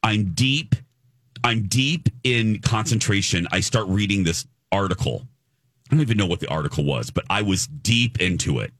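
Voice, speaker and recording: A man's voice: lowish voice, normal speed, no echo, clean studio sound. A man co-hosting a podcast, telling a story in casual chat and acting out what people said. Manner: animated, acts out quoted voices. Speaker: podcast co-host.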